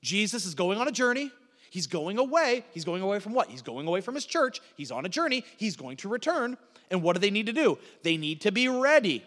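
A man's voice: high-pitched, sing-song, brisk, a bit bright, big-room sound. A man preaching a sermon in a conversational way, asking rhetorical questions and answering them. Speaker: pastor.

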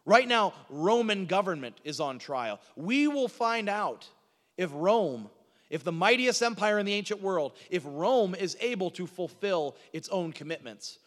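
A man's voice: high voice, lively intonation, measured pace, fairly bright tone. A man preaching an expository sermon who drives points home with repetition and often restarts his words. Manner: emphatic repetition, frequent stuttered restarts. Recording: long hall reverb.

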